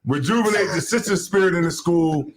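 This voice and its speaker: A man's voice: high-pitched, fairly quick. A man hosting a casual live podcast, with a hype roll-call delivery and lots of "you know" fillers. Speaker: host.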